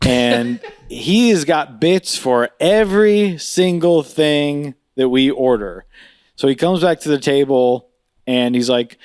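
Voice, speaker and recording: A man's voice: measured pace, clean tone, no echo, studio quality. A man co-hosting a podcast, telling a funny story in casual chat, laughing often and mimicking voices. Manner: animated, laughs often, mimics voices with big pitch jumps. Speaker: podcast co-host.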